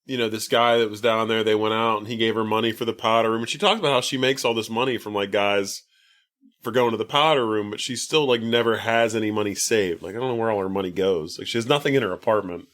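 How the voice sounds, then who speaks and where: A man co-hosting a podcast, casually retelling a film plot with lots of fillers and pitching up when he quotes characters. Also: fast, fairly bright tone. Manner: rambling, filler-heavy retelling, lifts his pitch for quoted lines. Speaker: podcast co-host. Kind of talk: casual movie recap chat.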